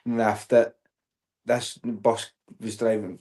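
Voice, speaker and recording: A man's voice: lowish voice, flat delivery, slow, warm tone. A Scottish man in a casual podcast chat, laughing along and telling rowdy anecdotes.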